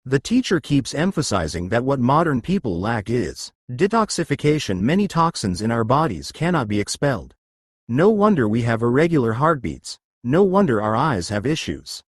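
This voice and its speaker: A man coaches through guided stretches and breathing drills, giving a single command at a time as an exercise and breathing instructor. At a moderate pace, his husky, dry voice bobs energetically in pitch, and there's no room sound on the recording.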